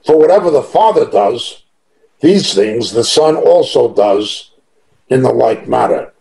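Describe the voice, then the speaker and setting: A man with a medium-pitched, gravelly, dark voice teaches a Bible passage verse by verse at a slightly slow, expressive pace. He reads each verse aloud and emphatically repeats key phrases; the recording is low quality.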